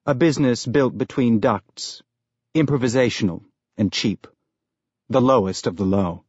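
A man narrating an audiobook in a measured, even storytelling manner. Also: medium pitch, husky, no echo, lo-fi sound. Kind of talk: scripted narration.

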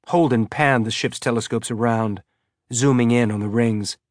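A man narrating an audiobook in a steady, measured storytelling manner, lightly voicing the characters. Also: medium pitch, no echo, clean studio sound. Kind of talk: scripted narration.

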